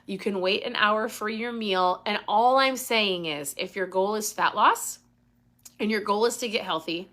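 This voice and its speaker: A woman's voice: mid-range voice, measured pace, fairly bright tone. A woman hosting a casual live Q&A, talking with intensity and getting worked up. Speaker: host.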